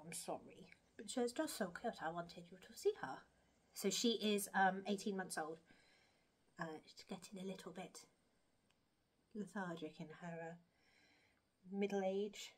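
A woman chatting casually to camera about her crochet projects, rambling and self-deprecating. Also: medium pitch. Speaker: crochet vlogger.

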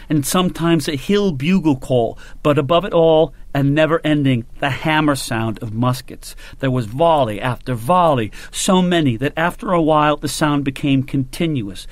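A man narrates an audiobook in a measured, grave storytelling manner. His voice sits slightly high for a man. The recording is close and dry. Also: no room sound. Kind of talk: scripted narration.

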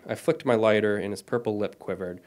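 A man's voice: on the low side, fairly quick. Man in his thirties reading his fiction aloud. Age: 30s. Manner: self-deprecating, apologetic asides between steady reading. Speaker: author. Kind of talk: reading his own short story at a lecture.

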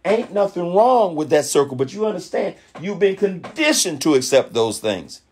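Man, motivational speaker, husky, a bit high-pitched, preachy, animated. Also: moderate pace. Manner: preachy, animated, mimics others' voices in quotes. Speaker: network marketing leader speaking on a call. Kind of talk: motivational talk.

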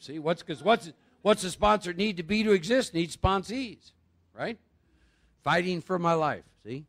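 A man's voice: sits high, expressive, a little slow, pauses often, a bit bright. A man speaking at a live recovery workshop, chatty and quizzing his audience with rhetorical questions.

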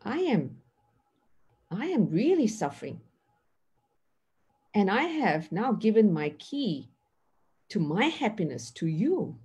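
A middle-aged woman gives an earnest, teacherly mindfulness lesson, speaking slowly and pausing often. Her slightly husky voice swings up and down in lively fashion as she acts out little dialogues.

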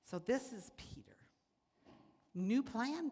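With a medium pitch and normal speed, a woman delivers a sermon built around storytelling, animatedly acting out quoted voices. She is a preacher in a church sanctuary, and the recording has church hall reverb.

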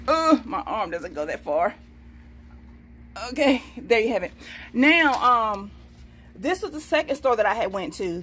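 A middle-aged woman, chatting casually through her shopping haul and reading each price off a receipt. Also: a little high. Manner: chatty, folksy, says "okay, baby" to herself. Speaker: vlogger showing a shopping haul.

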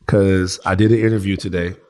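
A man's voice: low voice, flat delivery, fairly quick, a little mellow. A man co-hosting a podcast in casual chat, playful and given to singing his own jingles. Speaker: podcast co-host.

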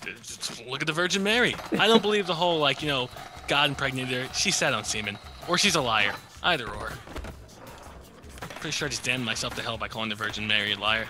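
A man's voice: mid-range voice, fairly quick. A young man cracking crude jokes in casual banter while commentating a video game with a friend. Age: young adult. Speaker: gaming channel host. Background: game music.

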